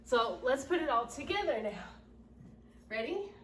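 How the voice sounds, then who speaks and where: A woman teaching children an acting lesson, explaining slowly and patiently and often asking "right?". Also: high-pitched, sing-song, a bit bright, slight background noise. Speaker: drama teacher. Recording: roomy echo, from mic distance.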